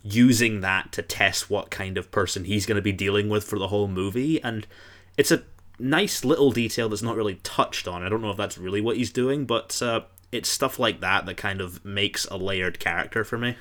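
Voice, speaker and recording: Man, lowish voice, casual film talk, analytical, thoughtful. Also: normal speed, a bit bright.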